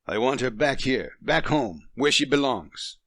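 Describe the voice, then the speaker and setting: A man's voice: medium pitch, animated, measured pace, fairly bright tone, no room sound, clean studio sound, voice pushed up. A man voicing a stubborn, domineering French husband past fifty who speaks sternly and commands.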